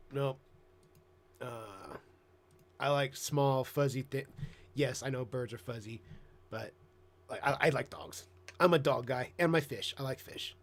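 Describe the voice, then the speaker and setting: A man chatting casually on a live stream, rambling and swearing, now and then jumping into excited high voices. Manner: profane, rambling, bursts into excited squeaky voices mimicking himself. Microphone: headset.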